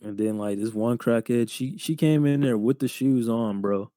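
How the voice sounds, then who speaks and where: A young man in his twenties, co-hosting a podcast, telling job stories in a casual, profane, animated way full of slang. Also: medium pitch, moderate pace, no echo. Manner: slangy, profane, animated retelling with lots of "bro". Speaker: podcast co-host. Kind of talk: casual storytelling chat.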